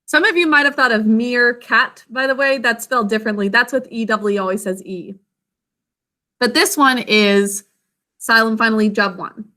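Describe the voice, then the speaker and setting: A woman teacher leading a spelling lesson, sounding out words slowly syllable by syllable and calling on students by name. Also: fairly high pitch, bright, forceful tone. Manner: slow, deliberate dictation, sounding out words syllable by syllable.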